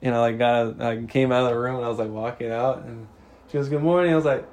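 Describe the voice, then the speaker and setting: A man's voice: medium pitch, little pitch movement, quick pace, noisy background. A man in his twenties, a podcast co-host, telling a story in casual slang with lots of swearing and laughter.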